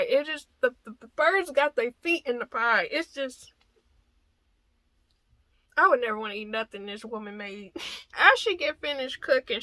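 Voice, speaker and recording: A woman's voice: sits high, sharp tone, dry recording. A young adult woman recapping a film in a casual, chatty way, full of joking, wry asides.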